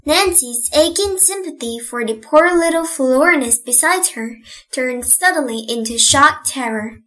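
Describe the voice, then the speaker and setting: A woman narrating an audiobook in a gentle, measured storytelling manner. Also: high voice, expressive.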